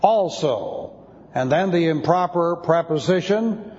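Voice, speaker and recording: A man's voice: on the high side, lively intonation, slow, a little mellow. A man teaching an expository sermon, spelling out Greek words letter by letter. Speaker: Bible teacher. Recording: dull lo-fi sound with long hall reverb.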